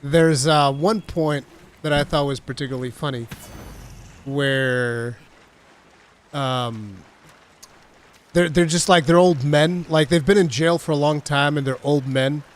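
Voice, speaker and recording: A man in his thirties with a fairly high voice talks loosely through a video game stream. He laughs often and drops casual swears as he rambles, over a faint hiss in the background. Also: unhurried, long pauses. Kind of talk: casual gameplay commentary.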